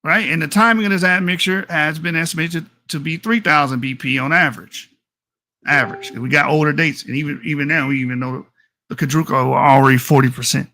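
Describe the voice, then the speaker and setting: A man's voice: on the high side, steady tone, quick pace, vocal fry, bright, forceful tone. A man in a heated online debate, aggressive and profane, hurling insults and reading aloud from research papers.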